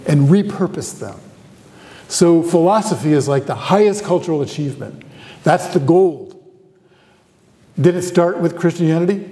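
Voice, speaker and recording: A man delivers a university lecture with a somewhat high, mellow voice, speaking conversationally and turning to the audience with questions. His voice carries the long reverb of a lecture hall. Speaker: guest lecturer, theology professor.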